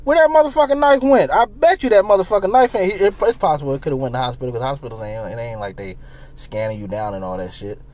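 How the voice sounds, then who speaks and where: A man ranting in casual commentary, animated and profane, firing off rhetorical questions. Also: medium pitch, fast. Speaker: commentary vlogger.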